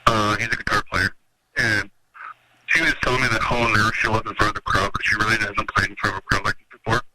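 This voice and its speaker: A man's voice: steady tone, fast. A man organizing a metal festival, telling long rambling stories in a casual interview and acting out what people said. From Minnesota, USA. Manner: rambling storyteller, acts out quotes in a higher voice. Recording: noisy radio interview audio.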